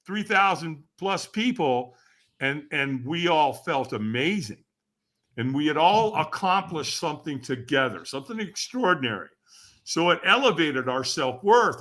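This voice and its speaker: A man who is a guest on a podcast, telling a story dramatically and acting out the voices and shouts of the people in it. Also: fairly high pitch. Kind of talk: animated storytelling.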